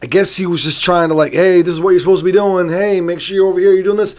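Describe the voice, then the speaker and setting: Man, podcast co-host, slightly high voice, casual storytelling, dry jokes. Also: steady tone, fast, darkish tone. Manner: dry joking asides, retells news stories. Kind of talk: casual chat.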